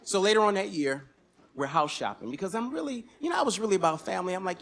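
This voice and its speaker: Guy telling a story live on stage, high voice, slangy and animated. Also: quick pace. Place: stage at a museum event.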